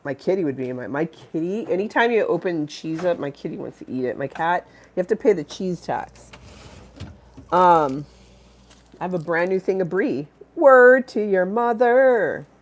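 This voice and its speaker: A woman's voice: lowish voice, lively intonation, moderate pace. A congested woman hosting a live stream, rambling and giggly as she chats with viewers and reads the chat aloud. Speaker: livestream host.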